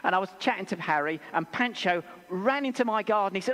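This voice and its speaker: A man with an English accent preaching a sermon in a church, telling stories with animated, acted-out voices. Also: sits high, quick pace. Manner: animated storytelling, acts out voices. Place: church hall. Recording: long church reverb.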